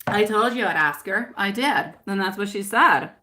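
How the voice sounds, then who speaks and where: A woman's voice: mid-range voice, expressive, moderate pace, pushed and bright. A woman reading tarot on a live stream in casual chat, affectionate and laughing often, calling viewers my love and sweetie pie.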